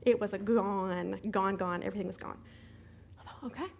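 A middle-aged woman teaching a Bible study, retelling a hectic day as an animated testimony with sound effects. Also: mid-range voice, normal speed, gravelly, a little hiss or hum.

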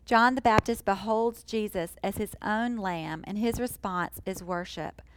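A woman teaching a sermon in an earnest, emphatic way, slowing down to stress key phrases. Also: medium pitch, slight background noise, rough recording. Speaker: Bible teacher.

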